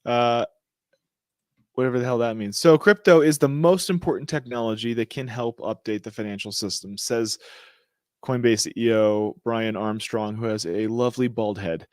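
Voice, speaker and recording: A man's voice: medium pitch, normal speed, no echo, studio quality. Slangy, joking man reading crypto news. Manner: joking, slangy, trips over words and laughs it off. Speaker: podcast co-host. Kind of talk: casual chat reading news aloud.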